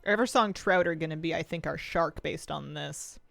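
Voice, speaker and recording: Low-pitched with vocal fry and a bit of brightness, she speaks at a moderate pace with no echo. The American streamer is at home, eating and gaming while she chats and muses out loud on a casual live stream.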